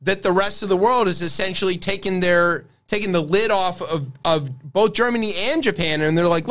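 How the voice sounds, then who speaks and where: Man, podcast co-host, casual political chat, sarcastic, somewhat high voice. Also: moderate pace, hardly any pauses, fairly bright tone. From United States. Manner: wry, sarcastic storytelling.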